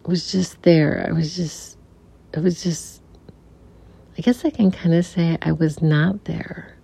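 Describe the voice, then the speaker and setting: A middle-aged woman telling a reflective personal story as a podcast guest, softly and haltingly, with many restarts and some near-whispers. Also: deep voice, fairly even intonation, vocal fry, husky. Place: room in a family home. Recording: dull recording with faint air conditioner hum. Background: air conditioner hum.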